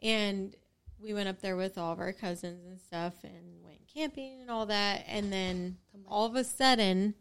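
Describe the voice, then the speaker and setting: A young woman in casual chat, telling a story with lively quotes and casual swearing. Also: medium pitch, a little slow, slight background noise. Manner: animated, swears freely, acts out quotes.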